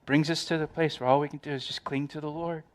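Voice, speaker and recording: A man's voice: a little high, fairly even intonation, quick pace. Emphatic man preaching a sermon. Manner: preaching with emphatic repetition, loud in quoted lines. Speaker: pastor.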